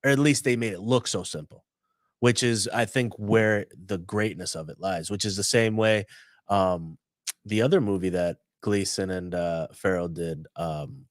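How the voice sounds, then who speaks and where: A man's voice: low voice, normal speed, no echo, clean studio sound. Rambling man retelling a movie. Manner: rambling, animated retelling with loud acted-out quotes. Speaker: podcast co-host. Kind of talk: casual chat.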